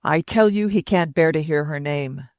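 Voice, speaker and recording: A woman's voice: sits low, moderate pace, a little mellow, no room sound, studio quality. Woman voicing an agitated old grandfather. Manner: agitated, protesting. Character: elderly anxious grandfather, irritable.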